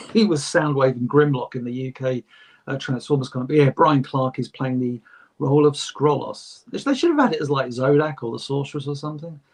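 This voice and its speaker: A man's voice: mid-range voice, fairly quick. A man co-hosting a podcast, chatting casually and reading fan letters aloud with jokey asides and frequent laughs. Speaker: podcast co-host.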